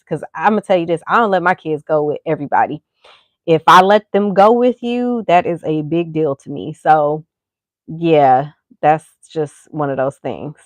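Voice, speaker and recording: A woman's voice: on the low side, no echo. A woman hosting a podcast, talking candidly in a casual, rambling way full of "you know" asides. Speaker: podcast host and mother. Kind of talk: casual chat.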